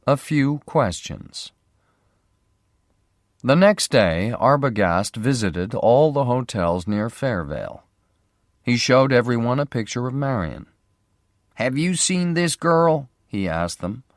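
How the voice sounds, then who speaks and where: A man narrating a graded reader story in a clear, measured way. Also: mid-range voice, expressive, dry recording, studio quality. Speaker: audiobook narrator.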